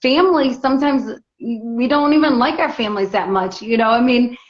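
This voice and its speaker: A middle-aged woman with a somewhat high voice speaks at a normal pace as a guest author in a casual interview. She tells a personal story like an animated storyteller, acting out what people said, and the audio is dull and lo-fi.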